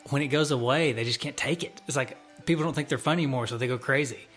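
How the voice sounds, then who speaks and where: A man's voice: medium pitch, fast talker, a bit bright, soft background music. A man co-hosting a casual chat, teasing his friends and giving blunt opinions, often repeating himself. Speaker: podcast co-host.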